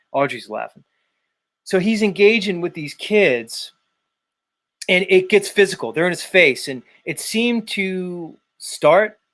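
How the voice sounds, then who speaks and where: A man hosting a live stream, talking casually in an animated, rambling way with frequent swearing. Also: high voice. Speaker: host.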